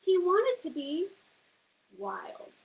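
Lively high-voiced woman reading to kids. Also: a little slow, rough recording. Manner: animated, teacherly, asks children questions. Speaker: storyteller reading to children. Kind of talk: children's story time reading.

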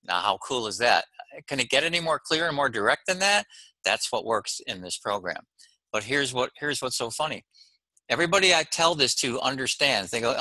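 A man's voice: medium pitch, lively intonation, normal speed, bright, forceful tone, no room sound, rough recording. A man lecturing to camera as a golf mental-game coach, emphatic and friendly, hammering points home in short repeated phrases and often checking in with "okay?". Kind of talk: recorded course lecture to camera.

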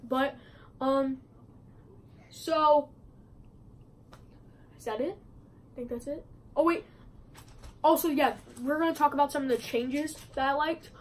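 Speaking unhurriedly in a high voice, with long pauses and poor audio, a woman rambles through a casual movie review vlog. Fillers and restarts pile up, and she's filming at a friend's house, not her regular location.

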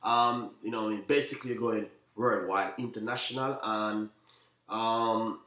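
A man with a Jamaican accent, a chef hosting a live cooking stream, chatting to viewers in quick, repetitive talk and often saying "you know what I mean". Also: lowish voice, fairly even intonation, pushed and bright, roomy sound, recorded from a distance. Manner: talks fast, by his own account.

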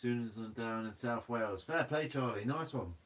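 A young man with a Guernsey accent hosts a relaxed live stream. He talks casually with his viewers and reads their comments aloud. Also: medium pitch, moderate pace. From Guernsey, Channel Islands. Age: 20s. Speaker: fishing channel host. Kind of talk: live stream Q&A reading chat.

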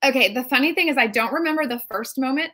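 Bright, slightly high-voiced woman guest; animated, chatty storyteller over a video call. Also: fast talker. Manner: chatty and animated, many "like" fillers. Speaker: Broadway performer guest. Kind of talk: casual video interview storytelling.

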